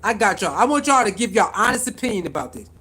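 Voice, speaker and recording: A young man hosting a live reaction stream, talking in an animated, slangy way and repeatedly addressing his viewers. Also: high-pitched, quick pace, breathy edge. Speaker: vlogger reacting to sports news.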